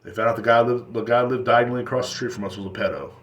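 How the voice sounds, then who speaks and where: A man's voice: mid-range voice, steady tone, very fast. Crude rambling male podcast host. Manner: crude, rambling, laughs at his own stories, shouts when quoting others. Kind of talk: rambling solo podcast storytelling.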